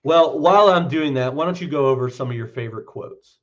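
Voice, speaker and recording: A man talks haltingly, searching for words as he chats casually. His voice comes through a computer's built-in mic and sounds dull and lo-fi. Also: fairly high pitch. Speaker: podcast co-host. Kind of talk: casual chat.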